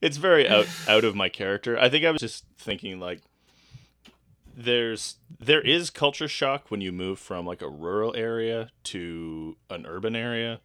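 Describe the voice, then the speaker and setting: A man co-hosting a casual podcast teases with dry humor. His low voice sounds bright and edged, with pitch moving widely, in a dead-dry close recording. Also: expressive, normal speed, clear, resonant tone, no room sound. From Canada. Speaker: podcast co-host. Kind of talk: casual chat.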